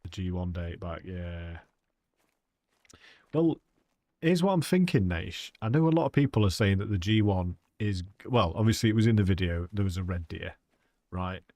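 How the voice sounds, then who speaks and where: Man, deep voice, dry close sound, rambling live game commentary, chatting with viewers. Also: animated, moderate pace, warm tone, no room sound. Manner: chatty, rambling, talks to his chat. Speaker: game streamer.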